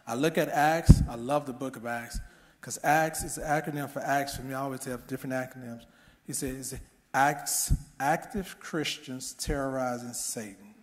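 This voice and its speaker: A man's voice: mid-range voice, fairly even intonation, moderate pace. Middle-aged man preaching in a reverberant hall. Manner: preaching with rising fervor and rhetorical questions. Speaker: pastor. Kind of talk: sermon.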